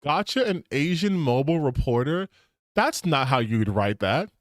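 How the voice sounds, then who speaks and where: A man doing casual reaction commentary on a stream, sarcastic and openly incredulous. His voice sits fairly high and swings widely in pitch, and the sound is dry and close. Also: big pitch swings, moderate pace, no echo. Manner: sarcastic, incredulous, repeats himself for emphasis.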